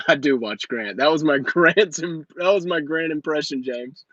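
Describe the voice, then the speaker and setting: A man in his thirties runs a live Q&A, brash and joking and full of motivation, his voice sitting a little high for a man. The sound is dull and dry, as if captured on a phone. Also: measured pace, fairly bright tone, no echo. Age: 30s. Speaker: host and business coach. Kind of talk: live Q&A stream.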